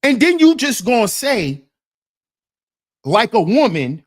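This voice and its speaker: Slow, animated man preaching to his chat. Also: extremely high pitch. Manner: indignant, preachy, rhetorical questions to his chat. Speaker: commentary channel host. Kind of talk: reaction commentary to a debate clip.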